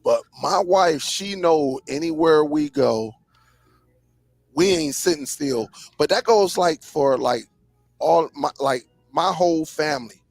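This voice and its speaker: Lively, gravelly-voiced man in casual chat. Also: on the high side, no echo, faint music behind. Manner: lively storyteller, drawn-out emphasis, frequent laughs. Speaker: host. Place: live stream.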